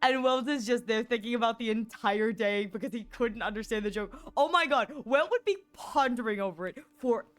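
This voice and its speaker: A woman's voice: fairly high pitch, fairly quick, few pauses, fairly bright tone. A woman streamer chatting casually as she plays, rambling and giggling with plenty of fillers. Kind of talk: casual chat while gaming.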